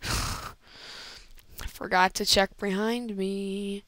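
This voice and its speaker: A woman's voice: mid-range voice, measured pace, pauses often, clear, resonant tone, no echo. A woman commentating her own video game play in a casual, rambling way, often exclaiming, into an old computer microphone. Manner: excitable, rambling, frequent exclamations and laughs.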